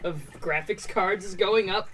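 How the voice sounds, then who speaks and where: A woman's voice: medium pitch, measured pace, fairly bright tone, recorded from a distance. A woman streamer chatting casually, playful and self-mocking. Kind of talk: casual chat.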